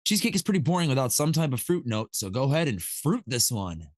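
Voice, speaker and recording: A man's voice: mid-range voice, very animated, fast talker, dry recording, clean studio sound. A man hosting a casual live stream, swearing freely and laughing often. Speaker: livestream host.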